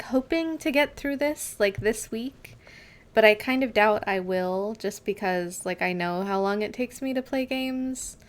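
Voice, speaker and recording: A young woman streaming a game, chatting casually with viewers, giggling often and filling pauses with "like" and "um". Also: a little high. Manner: chatty, giggly, with many fillers. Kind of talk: casual gameplay chat with chat reading.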